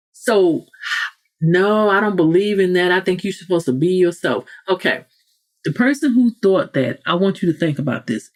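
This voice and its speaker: A woman's voice: lowish voice, darkish tone. A woman hosting a motivational podcast, preaching with many rhetorical questions and acting out quoted people in raised voices. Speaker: podcast host. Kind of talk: motivational talk.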